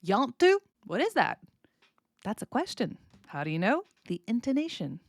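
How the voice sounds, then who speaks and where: American woman, podcast english teacher, clear explanations, very lively pitch, dry close sound. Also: moderate pace, no echo. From United States. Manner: clear, explanatory, demonstrates sounds with exaggerated intonation. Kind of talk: podcast lesson.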